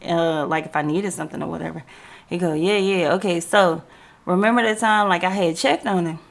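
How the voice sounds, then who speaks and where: Slangy woman telling a story, gravelly. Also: lowish voice, brisk. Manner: animated, slangy, acts out quoted dialogue. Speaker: podcast host. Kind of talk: casual storytelling.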